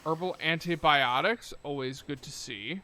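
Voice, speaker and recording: A man's voice: fairly high pitch, a little slow, bright, forceful tone, a little hiss or hum. A man giving casual gameplay commentary, chatty and swearing, talking to the game and the zombies as he loots. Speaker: gameplay streamer.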